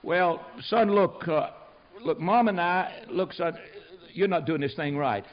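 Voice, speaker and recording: A preacher doing a weary old father, talking low and fretful about his unruly children. The voice stays soft and confiding, on a dull, lo-fi recording. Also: unhurried, natural voice. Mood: stern. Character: worried old father in bed at night.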